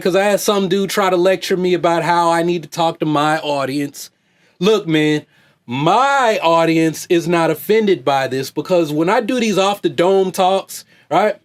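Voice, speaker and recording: A man, a vlogger and fitness coach, giving a loose, slangy off-the-cuff commentary rant full of "hey, man" asides. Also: high voice. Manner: slangy, repetitive "hey, man", jokey mock voices.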